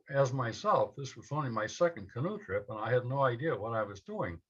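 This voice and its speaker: Male storyteller, unhurried and measured, husky edge, taped on muffled lo-fi gear. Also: medium pitch, bright, forceful tone. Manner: slow, measured telling in short phrases. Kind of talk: personal story told to a live audience. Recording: dull lo-fi event recording.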